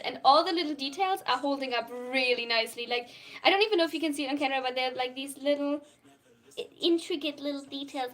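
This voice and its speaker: A high-pitched young woman with a German accent runs a live stream Q&A. Her voice is bright and ringing. She reads viewers' questions aloud and answers each one frankly, speaking English although German is her first language.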